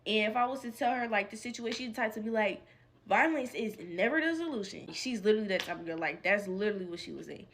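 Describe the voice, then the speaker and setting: A woman's voice: mid-range voice, rapid-fire, hardly any pauses, a little hiss or hum. A young adult woman telling a storytime vlog in a casual, slangy, profane way, acting out what people said. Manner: animated, profane, slangy, acts out quotes. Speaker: storytime vlogger.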